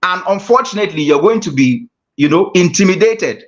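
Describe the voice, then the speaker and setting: A man's voice: high-pitched, expressive, brisk. A man, a guest speaker teaching an online class, talking emphatically and repeating his key phrases. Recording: dull lo-fi call audio.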